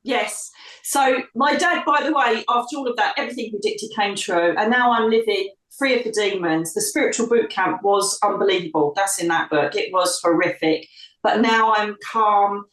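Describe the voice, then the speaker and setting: A middle-aged woman from the UK, a psychic medium telling her life story in an interview, lively and acting out the voices of others. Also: medium pitch, normal speed. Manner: animated storyteller, acts out quoted voices. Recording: echoey room, distant from mic.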